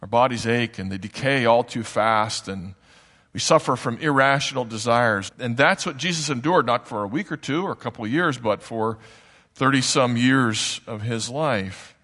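A man's voice: mid-range voice, normal speed, bright, forceful tone. A man preaching a sermon in a church, in a conversational, explanatory manner with frequent asides. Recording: long hall reverb.

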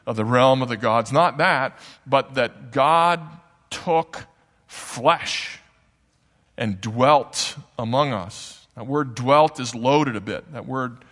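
A man's voice: mid-range voice, takes it slowly, a bit bright. A man preaching a sermon in a church, in a conversational, explanatory manner with frequent asides. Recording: long hall reverb.

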